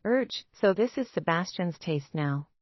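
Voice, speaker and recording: A woman's voice: on the low side, animated, unhurried, no room sound. A woman voicing a smug, pregnant young woman who mocks her rival with sarcasm, read in a storybook style. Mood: mocking. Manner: sarcastic, mocking. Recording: dull, dry lo-fi recording.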